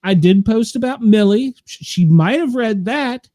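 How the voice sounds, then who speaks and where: High-voiced, mellow older male host. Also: expressive, measured pace, a little hiss or hum. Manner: rambling storyteller, laughs often. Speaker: podcast host. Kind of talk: casual chat.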